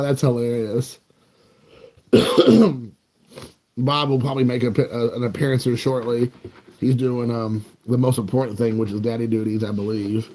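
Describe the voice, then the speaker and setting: A man's voice: medium pitch, steady tone, normal speed, long pauses, mellow. A man in his forties, from the United States, chatting casually with viewers in a rambling, joking, self-mocking way. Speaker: card collecting channel host.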